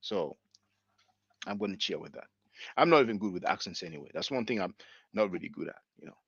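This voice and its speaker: Animated French-accented man in his forties. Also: deep voice, brisk, breathy edge, dry recording, muffled recording. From France. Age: 40s. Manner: animated, rhetorical questioning. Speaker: channel host. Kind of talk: live stream commentary.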